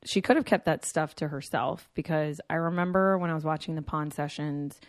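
A woman's voice: low-pitched, brisk, dry recording, clean studio sound. A woman co-hosting a podcast, musing in casual chat and hedging her points with "like" and "um". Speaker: podcast co-host.

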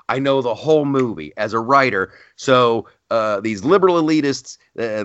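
In a dry recording with the highs cut off, a male podcast host talks in a mid-range voice. He's an animated, casual storyteller who often breaks off and restarts what he's saying.

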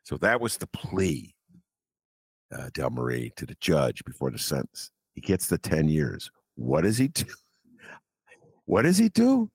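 A man hosting a political talk radio show, animated and incredulous as he chats with his guest. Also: very deep voice, unhurried, vocal fry, slightly rough, dry recording.

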